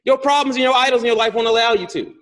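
A man preaching a sermon as pastor, asking the congregation questions and rising from quiet reading to shouted exhortation. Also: very high-pitched, rapid-fire.

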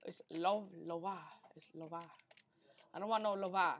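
A woman's voice: mid-range voice, moderate pace, highs cut off. A woman giving unscripted gameplay commentary during a speedrun attempt, rambling, talking to herself and getting easily frustrated. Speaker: gamer recording a speedrun attempt.

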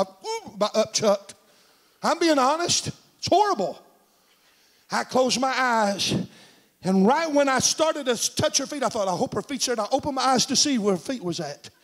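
A middle-aged man preaching a sermon in a church, telling a story and swinging from shouts to hushed tones. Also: high-pitched, normal speed. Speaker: senior pastor. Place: church sanctuary.

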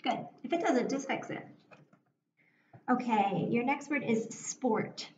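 Woman, teacher, recorded lesson for young children, slow clear encouraging delivery, echoey room, muffled sound. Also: a little high, a little mellow. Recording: echoey room, dull sound, faint hiss.

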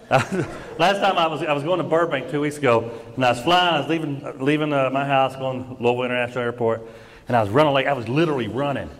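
A middle-aged man from Kentucky with a Kentucky accent, doing stand-up comedy with animated storytelling on a large theater stage. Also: medium pitch, fast. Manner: animated storytelling with yelps and put-on voices. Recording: live theater mic, hall echo, loud crowd.

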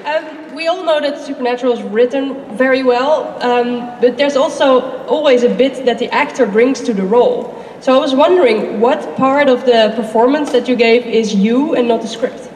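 A woman's voice: high voice, moderate pace, a little mellow. A woman fan politely asking a question from the audience at a panel. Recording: echoey hall, distant mic, crowd noise.

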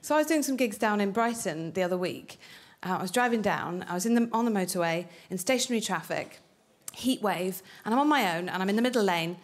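A woman's voice: medium pitch, expressive, fast talker, hardly any pauses. A woman from North Wales doing a stand-up set, chatty and cheeky, laughing through her punchlines. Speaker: stand-up comedian.

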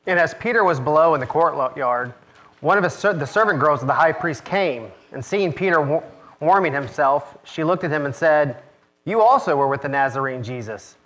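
Male pastor reading scripture, expressive and measured, bright forceful tone. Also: a little high. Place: church.

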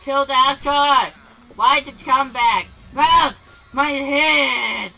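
A man's voice: very high-pitched, slow pace, vocal fry, faint music behind, pitched above the performer's own voice, exaggerated voice, poor audio. Bakugo, a screaming hot-headed anime boy voiced by a man. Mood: raging. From Philippines. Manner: shouting insults and threats. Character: hot-tempered young male anime hero, always yelling. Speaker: gamer. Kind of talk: voice-trolling gameplay.

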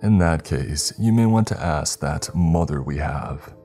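A man's voice: very deep voice, expressive, unhurried, dark tone, soft background music. A man voicing a cruel, mocking unseen spirit who claims to be the narrator's brother, with a sneering, taunting manner.

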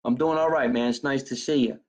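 A man's voice: mid-range voice, fairly even intonation, brisk, rough recording. A man from New Jersey, a comedian hosting a live stream from his kitchen, joking brashly and swearing freely in casual chat. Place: home kitchen.

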